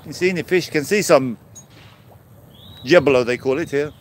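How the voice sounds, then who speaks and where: English man, English accent, fairly high voice, rambling casual live-stream chat, outdoors on a handheld phone, faint traffic noise. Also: normal speed. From England. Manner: chatty, greets viewers by name, rambling asides. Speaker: vlogger hosting a live stream. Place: outdoors by a fishing harbour. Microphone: handheld phone camera.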